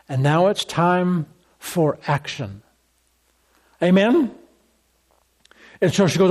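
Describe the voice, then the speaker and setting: A man's voice: a little high, slow pace, long pauses, a little mellow. A man preaching a sermon, emphatic and repetitive, acting out quotes from scripture as he goes.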